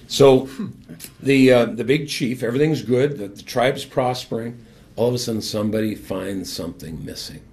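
An older man, a former hockey captain, telling his personal faith story as a guest in an earnest, animated way and then leading a prayer. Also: medium pitch, moderate pace.

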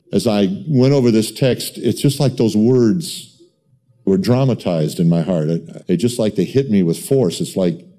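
A man preaching a sermon with passion, rising into higher pleading tones and stumbling over restarts. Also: dark tone. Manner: impassioned, voicing God's pleas in a higher, pleading tone; stammers on restarts.

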